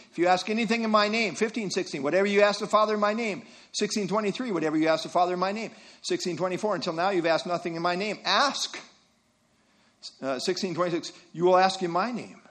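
Older man preaching, high voice. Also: a bit bright. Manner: teaching, with verse references and rhetorical questions. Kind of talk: expository sermon.

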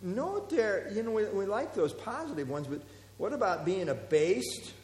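A man leads a Bible class, walking through the text and quizzing his listeners, his talk full of small fillers. His voice sits a little high for a man. The sound is roomy, with a long reverb trailing off each phrase. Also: sing-song, normal speed, a little mellow. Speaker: Bible study teacher.

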